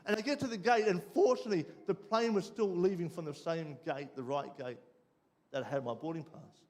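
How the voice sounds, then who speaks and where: An Australian man preaching, telling a personal story with lively ups and downs before dropping quiet and low for the lesson. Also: fairly quick. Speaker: pastor. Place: church.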